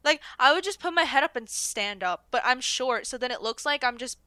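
A young woman with a bright, fairly high voice tells stories in a casual podcast chat. She talks in an animated way, full of fillers. The sound is close and dry. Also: fairly quick, no room sound. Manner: animated storytelling, lots of fillers. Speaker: podcast co-host.

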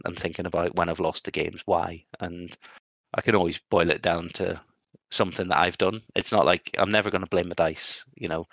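Deep-voiced male podcast co-host, rambling and reflective, dry close-miked sound. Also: vocal fry, fairly bright tone, no echo. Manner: rambling, self-reflective, filler-heavy. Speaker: podcast co-host and competitive player. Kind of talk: casual podcast chat.

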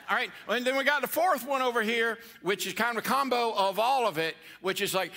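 A man's voice: extremely high pitch, a little fast, few pauses, pushed and bright. A middle-aged man preaching a playful, interactive sermon to a church congregation and coaxing them to answer back. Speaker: pastor.

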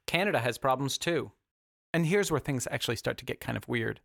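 A man's voice: medium pitch, lively intonation, a little fast, creaky, a bit bright, dry recording, clean studio sound. A man narrating a comedic film review in a wry, sarcastic way.

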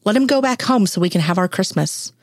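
A gruff, scowling brother who has no patience for anyone, read by a woman. He barks his lines impatiently. The sound is dry. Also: medium pitch, expressive, fast talker, no room sound. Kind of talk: reading fan fiction aloud.

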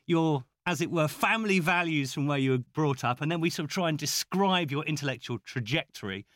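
A man hosting a conversation, easing into his questions with halting, roundabout phrasing and soft hedges. His voice is a little high for a man and sounds dry and close to the mic. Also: expressive, no echo. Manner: hesitant, meandering phrasing with hedges. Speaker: host. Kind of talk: interview host introduction.

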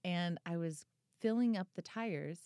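A woman's voice: fairly low pitch, unhurried, warm tone, dry recording, studio quality. A woman of about thirty chatting casually on a podcast, telling a story with lots of energy, fillers and swearing. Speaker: podcast co-host and author. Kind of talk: casual chat.

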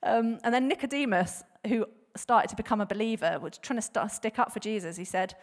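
A woman speaking to a church in a relaxed, conversational sermon. Her voice sits a little high, and she talks with lots of fillers and quick restarts. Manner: chatty, laughs often, many fillers and restarts; animated, acts out bible quotes with voices. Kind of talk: casual sermon talk.

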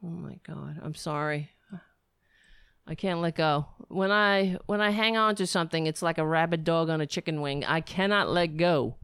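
A woman's voice: medium pitch, fairly bright tone, smooth, no echo, studio quality. A woman hosting a political commentary livestream, sarcastic and rambling, breaking into mocking impressions. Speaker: livestream host.

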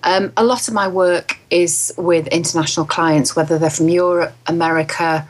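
A woman's voice: lowish voice, steady tone, moderate pace. A woman from England working as a voice artist, talking in an interview in a chatty way and laughing easily. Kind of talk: interview conversation.

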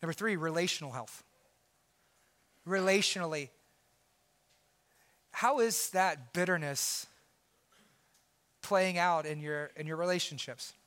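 A man preaching a sermon as pastor, swinging from loud emphatic preaching to quiet, intense asides. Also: on the high side, slow, pauses often.

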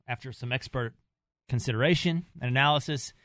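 A man's voice: medium pitch, fairly quick, fairly bright tone, dry recording, clean studio sound. A man from Texas co-hosting a casual talk radio show, joking and poking fun at himself. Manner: joking, self-mocking. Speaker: radio co-host.

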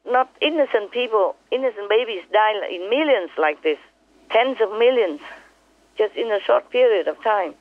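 A woman's voice: mid-range voice, expressive, normal speed. A woman spiritual teacher on a phone call with her disciples, speaking in an impassioned, emphatic way and repeating her points. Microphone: telephone. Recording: tinny phone line.

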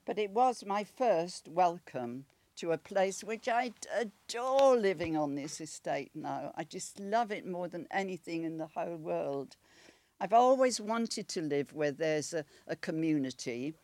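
A woman's voice: lowish voice, expressive, a little slow, a little mellow, no room sound. Chatty Welsh woman in her eighties. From Wales. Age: 80s. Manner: chatty, rambling, with laughs and restarts. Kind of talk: personal storytelling.

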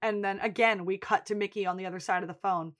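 In a fast, mid-range voice, a woman co-hosting a podcast gives a lively recap of a TV episode, chatting casually and performing quotes from the characters.

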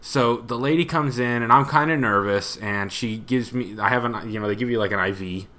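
A man's voice: mid-range voice, brisk, sharp tone. A young man co-hosting a podcast in casual chat, laid-back, swearing and laughing often. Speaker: podcast co-host.

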